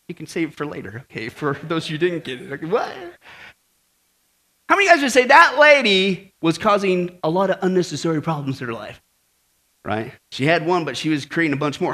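Male pastor, comic sermon style, very lively delivery that swings up and down. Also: sits high. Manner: joking, animated, laughs often, calls out to the congregation. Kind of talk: humorous sermon.

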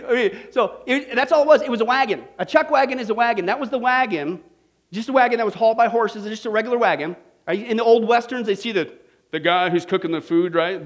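High-voiced folksy man preaching. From Kansas, United States. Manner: animated, folksy, keeps checking in with the audience ("okay?", "right?"); laughs at his own stories. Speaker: preacher teaching a Bible study. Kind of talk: storytelling sermon to a live audience.

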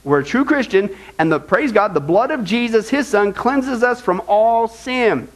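Animated high-voiced preaching man. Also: moderate pace, rough recording. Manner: conversational, animated preaching with frequent "okay?" checks. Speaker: pastor. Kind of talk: sermon.

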